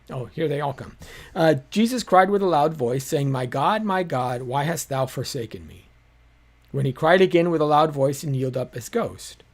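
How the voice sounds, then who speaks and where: Male host for a live teaching stream, conversational and explanatory, fills his pauses often. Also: on the high side. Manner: explanatory, conversational, with many fillers. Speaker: apologetics teacher hosting a live show.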